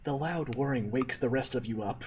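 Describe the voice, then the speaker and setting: A man's voice: mid-range voice, moderate pace, a little mellow, far from the mic, slight background noise. A man running a tabletop game as game master, narrating with many hesitant fillers.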